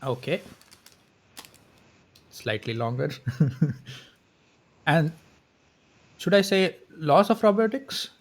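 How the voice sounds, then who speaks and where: Higher-voiced man in halting casual chat. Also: big pitch swings, creaky. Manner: hesitant, many restarts and laughs. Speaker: podcast co-host. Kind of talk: casual live-stream chat.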